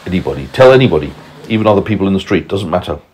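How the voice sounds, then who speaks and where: A man reading a bedtime story aloud to a small child at home, gently stopping to ask questions and teach a lesson. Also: low voice, big pitch swings, racing, a little hiss or hum.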